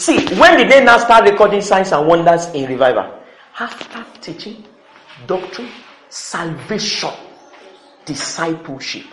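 A man's voice: sits high, sing-song, a little slow, roomy sound, poor audio. A man preaching a sermon to a congregation in a church. He talks with emphasis, repeats key words and calls for responses.

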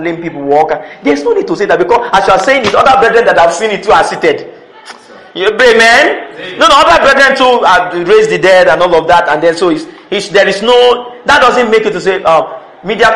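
High-voiced preacher in an echoey church. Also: male voice, a bit bright. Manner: emphatic, repeats key words, calls for responses. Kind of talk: sermon.

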